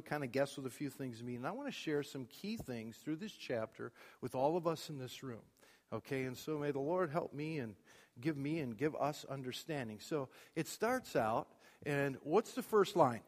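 A middle-aged man preaching a sermon in a church, swinging from loud emphatic declarations to quiet asides. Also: medium pitch. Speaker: pastor. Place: church sanctuary. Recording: long hall reverb.

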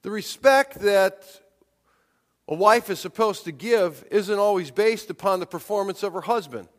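High-voiced preacher in an echoing hall. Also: male voice, unhurried. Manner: emphatic, rising to near-shouts on key points. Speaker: pastor. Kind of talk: sermon. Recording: long hall reverb.

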